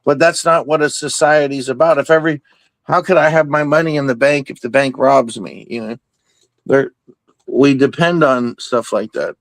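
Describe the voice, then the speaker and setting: A man talking casually in an open Q and A, excitable and rambling, with many restarts and fillers. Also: mid-range voice, moderate pace, dry recording. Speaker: participant in an open Q and A.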